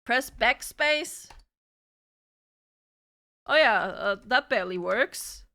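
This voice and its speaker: A woman's voice: a little high, expressive, takes it slowly, sharp tone. A woman live streamer chatting casually, flustered and swearing as she troubleshoots her setup.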